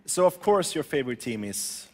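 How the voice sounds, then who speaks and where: A man's voice: medium pitch, big pitch swings, normal speed, a little mellow, long reverb tail. A man interviewing a guest in a joking, giggly way. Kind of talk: playful interview.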